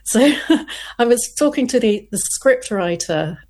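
A woman's voice: a little high, expressive, unhurried, warm tone. A woman crime novelist talking casually in an interview, chatty, often restarting her sentences and laughing.

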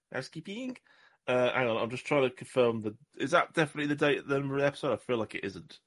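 A man's voice: medium pitch, quick pace, fairly bright tone. A man from southwest England, co-hosting a podcast in rambling, self-mocking casual chat. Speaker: podcast co-host.

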